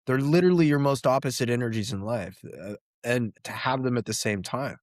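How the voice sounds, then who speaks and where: A man co-hosting a podcast, telling anecdotes in a lively way and acting out what people said. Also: mid-range voice, fairly quick, no echo, studio quality. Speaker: podcast co-host. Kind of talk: casual podcast conversation.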